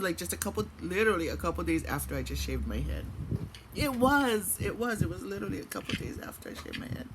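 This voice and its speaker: A middle-aged woman vlogging at home, chatting in a rambling, casual way. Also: medium pitch. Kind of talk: casual chat. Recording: noisy home recording.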